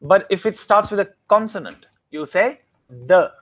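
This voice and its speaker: High-voiced male grammar teacher. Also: lively intonation, moderate pace, fairly bright tone. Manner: keeps checking understanding with questions. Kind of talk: classroom grammar lesson.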